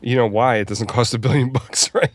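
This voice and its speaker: A man's voice: mid-range voice, fairly even intonation, a little fast. A man co-hosting a podcast, chatting casually with wry remarks and frequent laughter. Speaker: podcast co-host. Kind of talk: casual chat.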